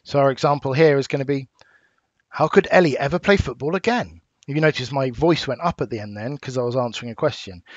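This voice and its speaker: A man with an English accent, a teacher giving a recorded lesson, explaining patiently and clearly with small fillers. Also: medium pitch, no echo. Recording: dull dry home recording.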